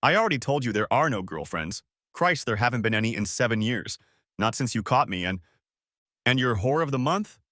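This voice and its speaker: A man's voice: medium pitch, very animated, brisk, sharp tone, no room sound. A man voicing a cold, scornful wife with a cutting, sarcastic delivery, in a dry close recording. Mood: mocking.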